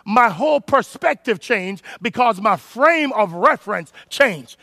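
A man pastor, preaching an animated sermon and calling out to his congregation. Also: high voice, normal speed, gravelly, no echo. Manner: animated preaching, calls to the congregation, rises to shouts.

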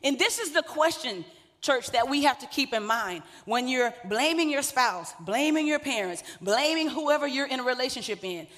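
Lady pastor preaching, high bright voice, chatty jokey asides, big reverby hall. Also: expressive, normal speed. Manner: conversational preaching, joking asides to the congregation. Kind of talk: sermon.

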